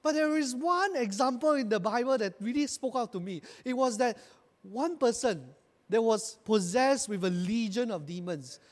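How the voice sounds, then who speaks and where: A man's voice: extremely high pitch, animated, moderate pace, big-room sound. A man preaching a sermon as pastor, building to emphatic bursts and calling his congregation to repeat after him.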